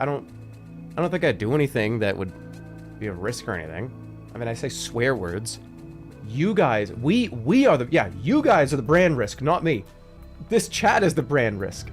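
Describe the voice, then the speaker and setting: A man in his thirties chatting casually with his live chat, animated and jokey, swinging between loud outbursts and low mutters. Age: 30s. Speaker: livestreamer.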